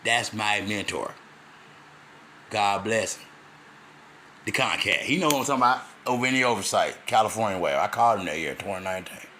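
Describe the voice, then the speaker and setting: A man rants to the camera in a rambling, angry monologue full of swearing. His voice is bright and forceful. A faint hum of ambience sits behind him. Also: on the low side, animated, fairly quick, pauses often, echoey room. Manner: loud and heated in the second half. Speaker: vlogger. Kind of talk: ranting monologue.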